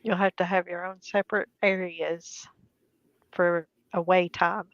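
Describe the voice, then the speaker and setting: A woman's voice: on the low side, little pitch movement, measured pace, no room sound. A woman co-hosting a casual live-streamed chat, mostly giving short agreeing replies and laughing along. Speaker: livestream panel co-host. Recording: dry, dull lo-fi sound.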